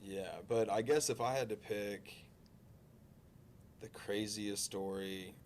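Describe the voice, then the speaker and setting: A man's voice: on the low side, steady tone, takes it slowly, darkish tone, a little hiss or hum. A man in the insurance business telling a work story in a chatty, joking way, with plenty of restarts and asides. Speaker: insurance agent guest. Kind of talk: casual anecdote telling.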